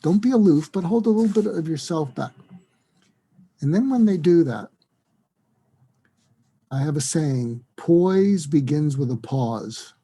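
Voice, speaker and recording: A man, a psychiatrist, giving advice in an interview, acting out lively example dialogues. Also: fairly high pitch, measured pace, pauses often, breathy edge. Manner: animated, acts out dialogue in quoted voices. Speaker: psychiatrist and guest.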